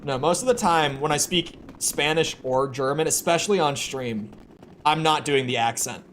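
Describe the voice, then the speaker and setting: A young man from the United States speaks at a normal pace in a slightly high, fairly bright voice. Chatting casually with his stream chat, he rambles and stumbles, repeating words as sentences begin, over clearly audible background noise.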